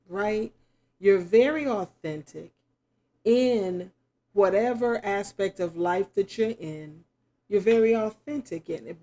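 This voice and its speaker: Middle-aged female tarot reader, very slow delivery, warm dark tone, reflective and musing. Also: medium pitch. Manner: slow, reflective, musing aloud with sudden exclamations. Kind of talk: spoken tarot reading to camera.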